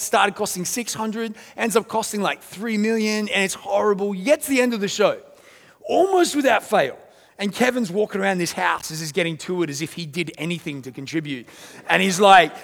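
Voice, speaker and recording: A man preaching a sermon as pastor, telling stories with lively, acted-out quotes. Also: high-pitched, vocal fry. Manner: animated storytelling, acts out quoted voices. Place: church auditorium. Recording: church hall reverb.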